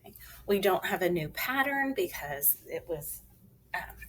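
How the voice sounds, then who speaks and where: A woman teacher leading a phonics lesson for children, enunciating clearly and spelling words out letter by letter. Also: on the low side, sing-song, a little slow, a little hiss or hum, poor audio.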